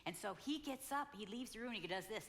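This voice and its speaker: A woman in her sixties telling a lively story about her marriage to a live conference audience. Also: on the high side, fast talker, a little hiss or hum. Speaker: conference speaker.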